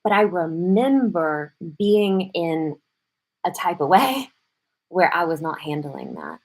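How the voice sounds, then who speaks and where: A middle-aged woman hosting a live morning show, talking casually and animatedly, quick bursts broken up with playful acted-out quotes. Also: fairly low pitch, very animated. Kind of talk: casual live-stream talk.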